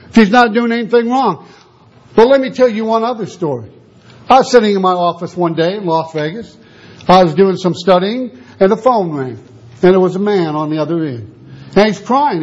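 A man preaching a sermon, telling a story and acting out the voices of the people in it. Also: high voice. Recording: dull lo-fi sound.

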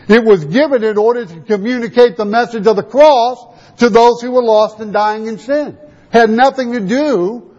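A male preacher delivers a sermon in a high voice, pressing his points with rhetorical questions he answers himself. The recording is dull and lo-fi. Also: darkish tone. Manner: rhetorical questions, emphatic teaching.

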